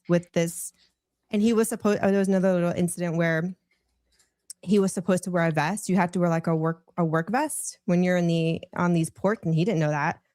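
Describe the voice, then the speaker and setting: A woman's voice: on the low side, darkish tone, no room sound. A woman guest on a podcast, telling a long story in a rambling, casual way and laughing often. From United States.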